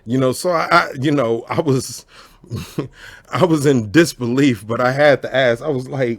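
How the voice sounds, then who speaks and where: A man in his own easygoing storytelling voice, sitting at a middle pitch, heard close and dry with no room around him. He swears freely, laughs often, and keeps asking whether the listener follows him. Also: normal speed, no room sound. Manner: animated, profane, laughs often, keeps asking "you know what I'm saying". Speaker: storyteller host. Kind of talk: casual storytelling chat.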